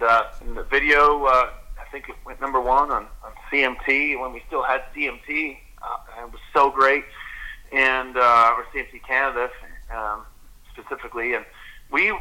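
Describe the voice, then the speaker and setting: A man's voice: medium pitch, bright, forceful tone, rough recording. A man, a guest singer, chatting casually and telling stories in an interview. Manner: chatty storytelling.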